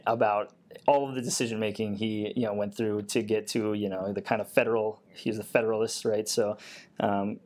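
A man with a fairly low voice answers interview questions in a relaxed, easygoing way. He often hesitates and fills his pauses with small filler words. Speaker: guest, Air Force technician.

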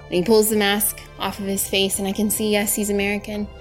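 A woman's voice: medium pitch, monotone, fairly quick. Woman recounting her ordeal over faint music. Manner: vivid, narrates events in the present tense. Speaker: former aid worker, interview guest. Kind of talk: first-person storytelling recounting an ordeal.

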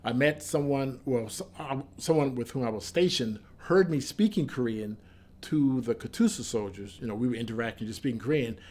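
A man's voice: medium pitch, moderate pace. An American man, a former Army soldier and Korean linguist, recounting his past in an interview, acting out quoted dialogue as he goes. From United States. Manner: lively recounting, acts out quoted dialogue, repeats and restarts. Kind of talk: interview storytelling.

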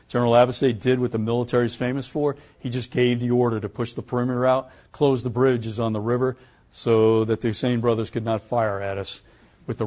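A retired American pilot, an older man with a medium-pitched voice, gives a lecture full of stories from his flying career. He's an animated storyteller who acts out the quoted dialogue and chuckles lively as he goes.

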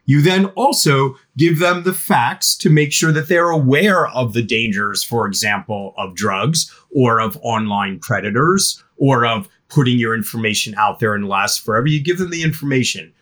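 A middle-aged man, a guest expert on teen parenting, speaking in a podcast interview with an animated manner. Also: medium pitch, normal speed, few pauses.

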